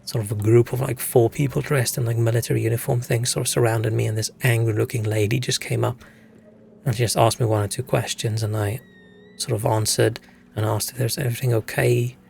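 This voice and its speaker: Gravelly young man rambling. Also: medium pitch, little pitch movement, brisk, a little mellow, a little hiss or hum. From South Africa. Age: young adult. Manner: rambling, swearing storyteller. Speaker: game streamer. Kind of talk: casual chat while gaming.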